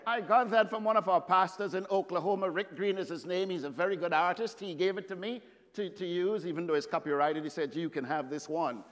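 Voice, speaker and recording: A man from Trinidad and Tobago, preaching a sermon with dramatic pauses and stretched words and joking with the congregation. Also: high-pitched, a bit bright, in a large hall.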